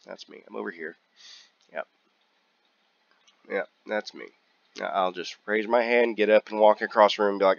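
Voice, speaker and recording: A man's voice: lowish voice, fairly even intonation, moderate pace, creaky, pauses often, no echo, dull audio. A man hosting a casual gameplay video, joking and rambling, drawing out and repeating words as he talks. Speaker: gaming channel host.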